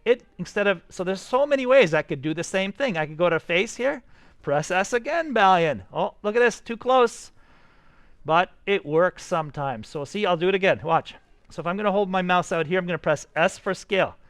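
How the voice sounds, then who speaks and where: Upbeat high-voiced male teacher. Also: expressive, fairly quick, a bit bright, no echo. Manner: upbeat, coaxing, talks students through each step. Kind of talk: live classroom software tutorial.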